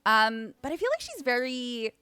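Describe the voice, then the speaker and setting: A woman's voice: on the high side, sing-song, normal speed, sharp tone, smooth. A woman hosting a casual interview, asking eager questions and gushing over the answers. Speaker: host.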